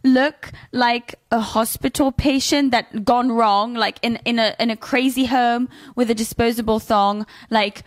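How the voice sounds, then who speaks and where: A woman co-hosting a podcast, chatting in a fairly high voice. She tells stories in quick bursts full of restarts and fillers. The sound is dry and close. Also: steady tone, dry recording. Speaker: podcast co-host. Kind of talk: casual podcast chat.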